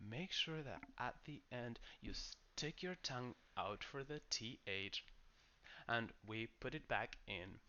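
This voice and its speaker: A man teaching English pronunciation, slowly modeling each word and its stress. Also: mid-range voice, bright, forceful tone, muffled recording. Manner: slow, careful modeling of words. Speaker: pronunciation coach. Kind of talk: pronunciation lesson.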